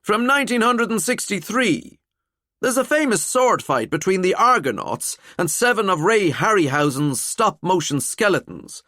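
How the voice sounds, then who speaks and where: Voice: mid-range voice, moderate pace, no echo, studio quality, voice pushed up. A man voicing a wry skeleton detective. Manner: wry, chatty, calm. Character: living skeleton detective, dry wit.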